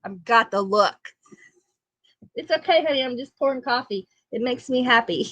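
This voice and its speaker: A woman's voice: on the high side, lively intonation, normal speed, fairly bright tone, dry recording. A woman hosting a casual livestream chat show, reading viewer comments in a homey, chatty way and laughing often. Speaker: livestream talk show host.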